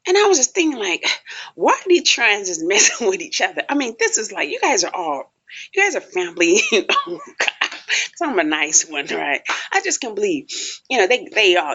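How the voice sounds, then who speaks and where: A woman's voice: mid-range voice, very animated, normal speed, fairly bright tone. A young woman casually telling a story to her viewers, exclaiming and laughing often and acting out the voices of others. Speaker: vlogger. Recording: dull lo-fi home recording.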